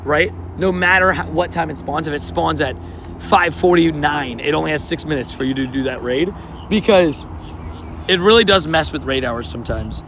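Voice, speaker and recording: A young man talks to his live chat from outdoors in a relaxed, slang-heavy way, calling out viewers by name. His voice sits a bit high and has a bright edge with a gravelly rasp. Faint traffic noise hums behind him. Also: normal speed. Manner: laid-back and slangy, greeting chatters by name. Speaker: streamer. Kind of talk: casual live-stream chat.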